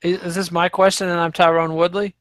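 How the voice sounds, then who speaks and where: A man's voice: sits high, flat delivery, fairly quick, a bit bright, clear, resonant tone. A man co-hosting a podcast in casual banter, blunt and crude with a joking edge. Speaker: podcast co-host.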